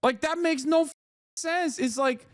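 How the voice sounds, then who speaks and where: A man hosting a stream, giving casual, sarcastic, animated commentary with some cursing. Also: extremely high pitch, measured pace, no room sound, clean studio sound. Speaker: streamer host.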